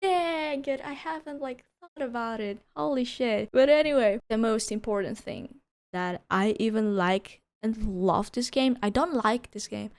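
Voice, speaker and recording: A woman's voice: on the high side, a little slow. A young woman reviewing a video game in a casual, gushing way, swearing and laughing often.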